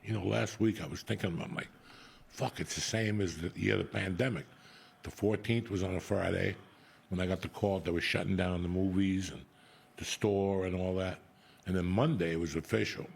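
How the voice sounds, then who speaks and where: A man's voice: deep voice, fairly even intonation, a little fast, gravelly, slightly rough. A middle-aged man, a comedian host telling a blunt, profane story in casual chat.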